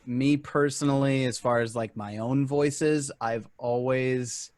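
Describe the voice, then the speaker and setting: A man's voice: medium pitch, steady tone, slow pace, a little mellow, no echo. A man with a mid-range voice recorded dry and close. He talks with enthusiasm and emphasis, casual and open with his fellow game masters. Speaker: podcast co-host.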